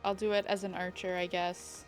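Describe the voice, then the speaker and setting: A woman's voice: fairly low pitch, flat delivery, moderate pace, faint music behind. A young woman chatting casually while streaming a game, thinking aloud and greeting viewers. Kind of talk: casual live-stream chat.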